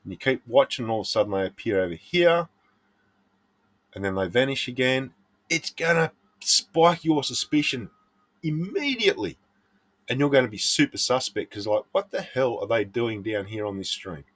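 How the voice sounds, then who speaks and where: Australian man, middle-aged, lowish voice, earnest and blunt, casual advice monologue. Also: lively intonation, brisk. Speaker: prospecting vlogger.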